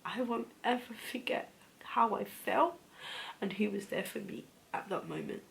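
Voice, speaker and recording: A woman in her thirties telling a personal story of grief in a soft, intimate voice that often drops to a whisper. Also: mid-range voice, measured pace, creaky, a little hiss or hum. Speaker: vlogger.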